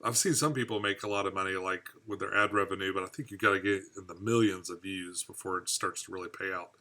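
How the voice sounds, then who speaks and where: Chatty bright-voiced man hosting a live stream. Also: deep voice, fairly even intonation, fast talker. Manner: rambling, chatty, laughs at own jokes. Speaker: fishkeeping channel host. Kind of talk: live stream chat reading viewer comments.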